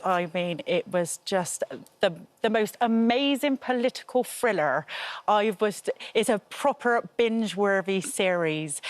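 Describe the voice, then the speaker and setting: A woman's voice: mid-range voice, no room sound. A woman with a Bristolian accent hosting a TV morning show, bubbly and laughing often. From Bristol, England. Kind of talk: chatty studio interview. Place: TV studio.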